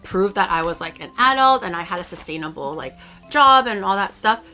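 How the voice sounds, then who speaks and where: A young woman streamer chatting casually in a low-key, rambling way, with lots of fillers as she tells stories. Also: lively intonation, brisk, sharp tone, faint music behind. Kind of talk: casual chat.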